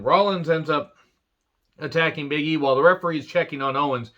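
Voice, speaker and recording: A man's voice: a little high, fairly even intonation, fairly quick, a bit bright, highs cut off. A man casually recapping a wrestling show, rambling into crude jokes and sarcastic asides.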